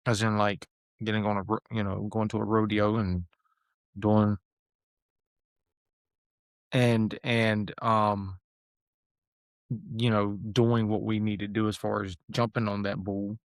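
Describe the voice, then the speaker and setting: Low gravelly guy rambling earnestly on his podcast, dry close mic. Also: level tone, slow pace, long pauses, no echo. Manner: rambling, earnest, many fillers and restarts. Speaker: podcast host. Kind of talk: casual podcast talk.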